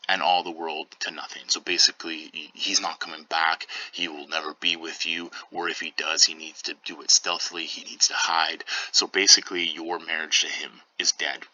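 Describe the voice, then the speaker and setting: A male teacher giving a casual lesson, reading verse lines aloud and then paraphrasing them in everyday slang, relaxed and full of fillers. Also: very deep voice, moderate pace, hardly any pauses, poor audio. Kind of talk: casual lesson explaining a play scene.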